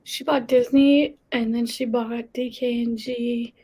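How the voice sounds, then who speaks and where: Playful female co-host, slightly high, mellow tone. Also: steady tone, measured pace, husky. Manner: playful, teasing, giggly. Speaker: stream co-host. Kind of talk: casual live chat.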